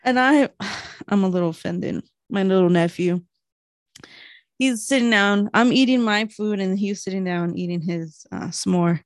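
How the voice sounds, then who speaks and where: A young woman co-hosting a podcast tells stories in a loose, slangy way and laughs often. Her voice sits mid-pitch for a woman. It is recorded close and dry, with no room sound. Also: measured pace, dry recording. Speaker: podcast co-host. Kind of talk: casual chat.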